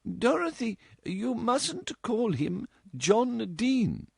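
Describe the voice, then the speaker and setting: A man voicing a gentle, proper older mother who speaks slowly and earnestly. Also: very high-pitched, sing-song, gravelly, husky, dry recording, clean studio sound, pitched above the performer's own voice, full character voice. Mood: gently reproving. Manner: slow, earnest, mildly reproving.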